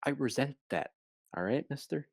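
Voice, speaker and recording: A man's voice: medium pitch, expressive, moderate pace, gravelly, slightly rough, no echo. A young man co-hosting a comedy podcast, telling rambling, playful stories in casual chat. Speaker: podcast co-host.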